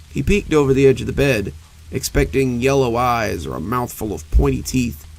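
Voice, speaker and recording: An older man narrating cozy horror stories in a slow, intimate way. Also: medium pitch, gravelly, low-quality recording. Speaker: horror storyteller.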